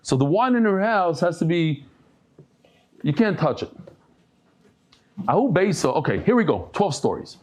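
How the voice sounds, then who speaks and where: A man's voice: fairly high pitch, normal speed, pauses often. A man giving a daily Talmud class, telling stories and jokes with many restarts and Yiddish terms. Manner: animated storytelling with frequent restarts and Yiddish terms; humorous asides and jokes. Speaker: Talmud teacher.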